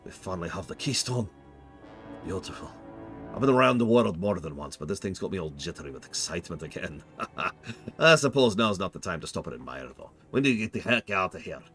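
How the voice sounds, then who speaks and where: A man's voice: low-pitched, expressive, brisk, fairly bright tone, soft background music. A man doing a hearty dwarf explorer with a brogue. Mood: excited. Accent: put-on dwarf brogue. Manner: hearty, calls people "lad". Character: excitable male dwarf explorer, hearty and adventurous. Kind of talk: reading game dialogue aloud.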